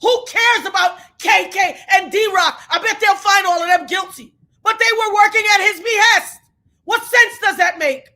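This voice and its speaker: A woman giving an angry, tearful commentary rant, shouting, cursing and praying aloud in between. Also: very high-pitched, normal speed. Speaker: commentary vlogger.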